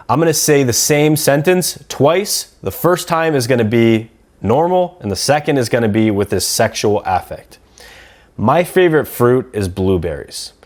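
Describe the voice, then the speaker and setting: Man coaching vocal technique. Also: medium pitch. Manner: calm, steady, demonstrates vocal exercises. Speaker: dating coach. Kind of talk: instructional talk.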